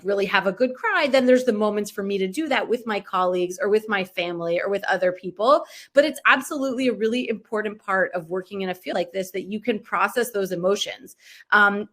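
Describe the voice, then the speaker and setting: A woman's voice: mid-range voice, a bit bright. Woman, 30s, pediatric oncologist, chatty, video call. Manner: chatty, frequent "like" and "right?". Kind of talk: casual chat on a video call.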